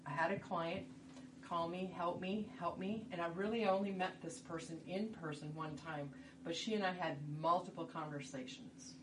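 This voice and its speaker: Workshop presenter, woman with a slightly low voice, chatty and asks "right?" a lot, mic far away. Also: steady tone, normal speed. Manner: conversational, rhetorical questions. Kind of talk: instructional talk. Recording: distant mic, noisy room.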